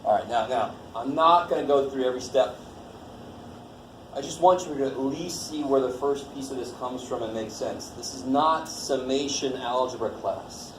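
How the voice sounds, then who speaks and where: A man's voice: mid-range voice, moderate pace. A man teaching a college math class in a casual, jokey way, swearing lightly and quizzing the students as he goes. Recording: echoey classroom with faint noise.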